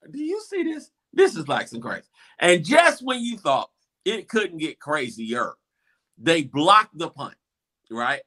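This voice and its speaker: Guy hosting, lively bright voice, tells the game play by play and acts out the crowd. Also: fairly high pitch. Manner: excited storytelling, acts out crowd reactions. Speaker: show host. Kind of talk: animated game recap.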